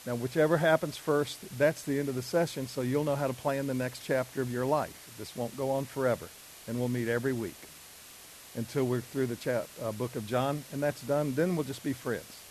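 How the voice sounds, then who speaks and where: Middle-aged guy preaching, chatty storyteller, mid pitch, bit of hiss on the recording. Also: fairly even intonation, brisk, a little mellow, poor audio. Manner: conversational, acts out dialogue with fillers. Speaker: speaker at a men's ministry. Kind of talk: sermon-like storytelling talk. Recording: faint hiss.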